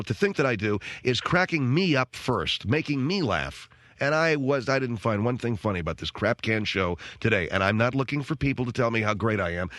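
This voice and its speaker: A man's voice: mid-range voice, fairly bright tone, dry recording. A man hosting a radio show, ranting in a sarcastic, self-mocking comic monologue from a studio microphone. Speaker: radio talk show host.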